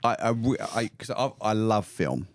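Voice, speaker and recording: A man's voice: fairly low pitch, normal speed, no echo, studio quality. A young South African man, a podcast guest, telling stories in casual chat, swearing freely and tripping over his words. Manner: swears freely, animated rambling storyteller, stumbles over words.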